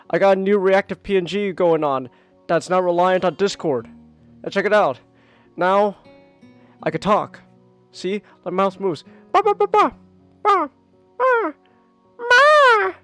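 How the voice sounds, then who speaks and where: High-voiced excitable male streamer. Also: smooth, no room sound. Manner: animated, swears a lot, bursts into high whoops. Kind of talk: casual live-stream chat.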